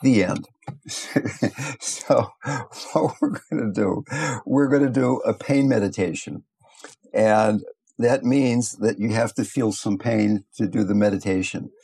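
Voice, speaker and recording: An older man teaching meditation, telling stories in a calm, unhurried, reflective way. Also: on the low side, gravelly, husky. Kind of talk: teaching talk with storytelling.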